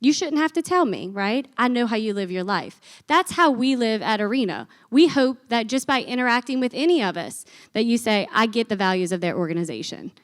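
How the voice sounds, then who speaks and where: Lively woman giving a stage talk. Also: on the high side, moderate pace, hardly any pauses. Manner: energetic, chatty, uses folksy phrases. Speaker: conference speaker. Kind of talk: business conference talk. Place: conference stage before an audience.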